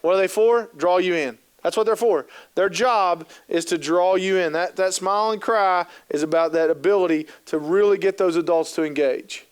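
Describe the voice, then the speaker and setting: A fairly high-voiced man in his thirties tells funny stories to a live audience, dropping into little acted-out voices now and then. His tone is smooth and clear, and his delivery stays loose and conversational, with plenty of fillers. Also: moderate pace, few pauses. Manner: jokey, acts out quoted voices, lots of fillers. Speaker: keynote speaker on youth work. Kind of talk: humorous storytelling talk to an audience. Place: conference hall.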